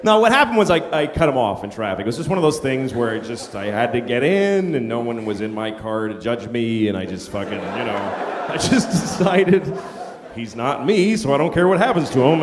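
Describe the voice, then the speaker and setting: A middle-aged man performing a stand-up comedy set on a theater stage, telling an exasperated story and acting out shouting characters. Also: mid-range voice, sing-song, a little fast, noisy background. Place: large theater stage before a live audience. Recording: reverberant theater, loud crowd laughter. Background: audience laughter.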